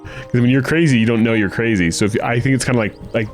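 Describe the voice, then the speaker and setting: A man's voice: medium pitch, quick pace, faint music behind. An American man co-hosting a video game let's play, chatting in a rambling, casual way. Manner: chatty, rambling with restarts and asides. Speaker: co-host of a gaming let's play. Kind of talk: casual chat while playing.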